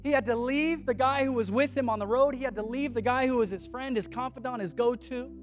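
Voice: mid-range voice, brisk, faint music behind. A pastor preaching a sermon in a casual, slangy way, acting out biblical figures as he retells scripture.

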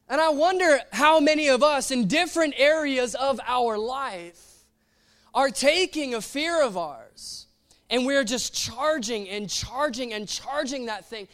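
A man preaching a sermon in an animated, playful way, acting out little quotes as he goes. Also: extremely high pitch, measured pace.

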